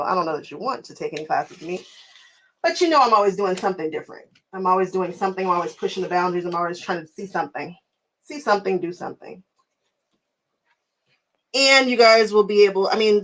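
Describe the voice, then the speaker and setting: Female crafting host, casual live-stream chatter, animated, laughs easily, medium-pitched voice. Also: a little hiss or hum, low-quality recording. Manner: chatty and animated, often laughing, repeats phrases for emphasis. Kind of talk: casual live stream chat reading viewer comments. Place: home sewing room.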